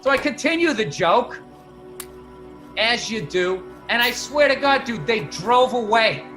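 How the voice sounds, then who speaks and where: A man's voice: very high voice, lively intonation, a little slow, pushed and bright, faint music behind. A man telling a long profane story in casual podcast chat, getting fired up as he rants. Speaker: podcast guest comedian.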